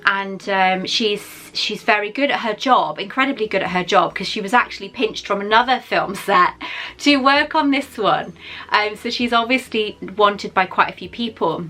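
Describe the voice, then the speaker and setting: A woman's voice: medium pitch, moderate pace, pushed and bright. A woman in her forties chatting through an unboxing at home, emotional and wandering into asides. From Wales. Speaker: vlogger. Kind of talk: casual unboxing chat.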